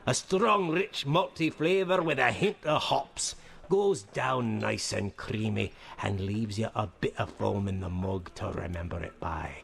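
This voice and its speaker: An actor playing a gruff tavern barkeep who relishes describing his ale, in video game dialogue. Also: on the low side, unhurried, a bit bright.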